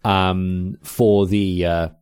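A man with an Australian accent, hosting a podcast in fast, animated, casual solo chat. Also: deep voice, smooth. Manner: fast, animated storytelling with exclamations. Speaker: podcast host.

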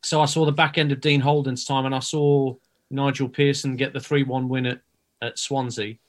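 A man, a broadcaster guest, giving a calm, measured rundown of a football team. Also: mid-range voice. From England. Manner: measured, analytical. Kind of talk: casual chat, match analysis.

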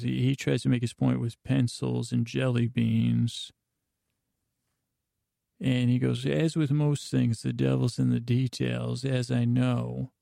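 A man with a deeply gravelly, fry-heavy voice hosts a bedtime podcast and drifts through a recap in a meandering, digressive ramble. His delivery stays flat and even, with a dark, mellow tone. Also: no room sound, clean studio sound. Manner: meandering, digressive, full of fillers and asides. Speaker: podcast host.

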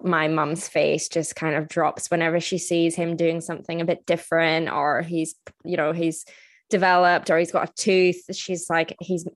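A woman's voice: deep voice, little pitch movement, moderate pace. A woman hosting a podcast, chatting in a friendly way and laughing often. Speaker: podcast host. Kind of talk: casual interview chat and scripted sign-off.

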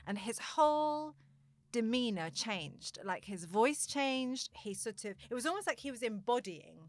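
A woman's voice: on the high side, animated, measured pace, no room sound. A young adult woman hosting a conversation, earnestly telling a personal story and laughing often. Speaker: podcast host.

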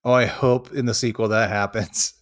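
A man's voice: lowish voice, fairly even intonation, normal speed. A man co-hosting a podcast, casually chatting and dropping short jokey quips and asides. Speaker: podcast co-host. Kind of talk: casual chat.

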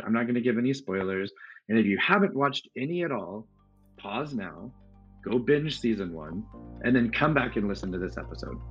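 A man's voice: fairly low pitch, highs cut off. A man co-hosting a podcast, talking in a loose, rambling way with plenty of fillers. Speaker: podcast co-host. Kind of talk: casual podcast chat.

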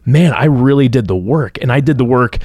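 A man's voice: medium pitch, expressive, fairly quick, a little mellow, dry recording, clean studio sound. Podcast cohost guy rambling about his own stuff, chill, no room sound. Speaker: podcast co-host. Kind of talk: casual podcast chat.

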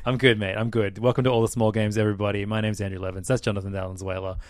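A man's voice: on the low side, flat delivery, very fast, no room sound, studio quality. Laid-back man hosting a podcast. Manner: joking, laughs easily, loose fillers. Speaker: podcast host. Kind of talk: casual chat.

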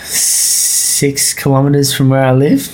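A man's voice: medium pitch, flat delivery, takes it slowly, darkish tone, a little hiss or hum. An Australian man guesting on a podcast, chatting in a rambling way, laughing often and swearing freely. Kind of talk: casual interview chat.

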